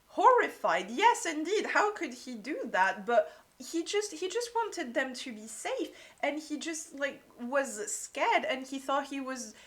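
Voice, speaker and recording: A woman's voice: high voice, very animated, unhurried. A woman giving a casual book review, gushing and peppering her talk with "like".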